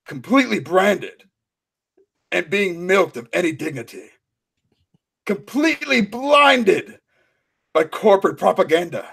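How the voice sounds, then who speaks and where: A man's voice: high voice, sing-song, measured pace, vocal fry, long pauses, fairly bright tone, slightly rough, exaggerated voice. A man voicing a pompous old male professor, reading in a wobbly, bad British accent that slides toward a panicked old man. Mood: mock-serious. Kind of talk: mock-dramatic reading.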